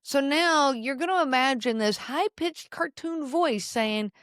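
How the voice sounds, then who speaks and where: A middle-aged woman hosts an advice podcast in a calm, explanatory voice that sits a little high. She often pauses to check in with the listener. Her voice is recorded close on a dry mic. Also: no echo. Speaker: podcast host.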